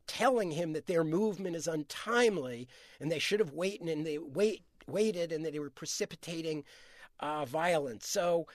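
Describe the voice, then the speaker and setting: A man's voice: a little high, moderate pace, no echo, studio quality. A man, an author answering interview questions, telling history earnestly with frequent restarts.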